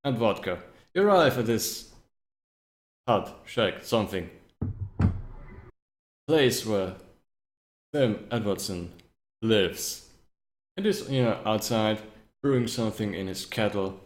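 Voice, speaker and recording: A man's voice: on the low side, lively intonation, slow, pauses often, echoey room. A man running a tabletop game as game master, setting scenes in a casual, rambling way.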